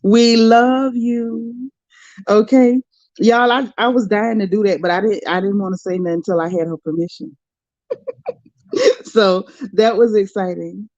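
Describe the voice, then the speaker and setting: A woman's voice: medium pitch, moderate pace, a little mellow, dry recording, muffled recording. Effusive woman chatting with her livestream viewers. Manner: emotional, effusive, talks to chat viewers by name. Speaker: livestream host. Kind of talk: casual livestream chat.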